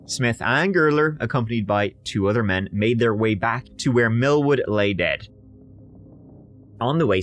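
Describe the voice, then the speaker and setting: A man's voice: medium pitch, a little hiss or hum. A British man co-hosting a podcast, telling a true crime story in a casual, jokey way and acting out quotes. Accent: British English. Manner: animated, jokey, acts out quotes in bursts. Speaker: podcast co-host.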